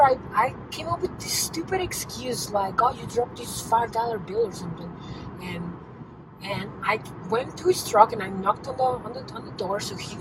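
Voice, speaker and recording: Woman, casual rambling storyteller, lots of filler words, talking in a car, distant mic, noisy street background. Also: medium pitch. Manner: chatty, rambling, heavy use of "like" and restarts. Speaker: host telling a personal story. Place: inside a car.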